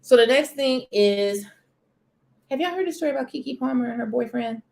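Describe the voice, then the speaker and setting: A high, animated voice with vocal fry and a slightly mellow quality carries this woman's casual live stream, delivered at a moderate pace. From a home corner by a sunny window, she chats expressively about celebrity news and greets viewers in the chat by name.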